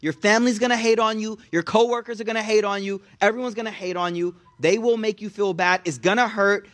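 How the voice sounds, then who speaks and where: Young man, high voice, casual sermon, slangy, animated storytelling. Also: quick pace. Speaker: religious teacher.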